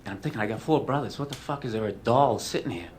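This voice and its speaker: A man of ordinary pitch spinning a profane, self-mocking story as a talk show guest. He rambles through fillers and restarts. There is a faint hiss under his voice. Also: fast talker. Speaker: comedian guest.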